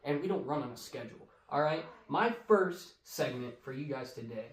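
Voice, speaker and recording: A young man hosting a casual podcast, an excitable storyteller who swears a lot. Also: mid-range voice, moderate pace. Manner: loud, profane, excitable storyteller. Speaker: podcast host. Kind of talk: casual chat. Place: garage. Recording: echoey garage, mic at a distance.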